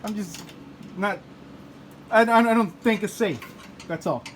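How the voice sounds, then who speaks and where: A man's voice: sits high, a little slow, slight background noise. A man hosting a car channel, chatting casually in his home garage, joking, laughing and swearing as he works. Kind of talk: casual garage chat to camera.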